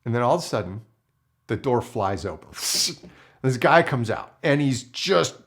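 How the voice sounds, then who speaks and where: A filmmaker telling a story to camera in an animated way and acting out the people in it. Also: male voice, mid-range voice, unhurried.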